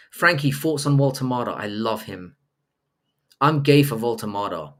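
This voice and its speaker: A man's voice: mid-range voice, a bit bright. A man hosting a live stream, reading viewer messages aloud and answering with crude, profane jokes. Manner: crude, profane, joking banter with chat. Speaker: livestream host reading chat. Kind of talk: casual live-stream chat.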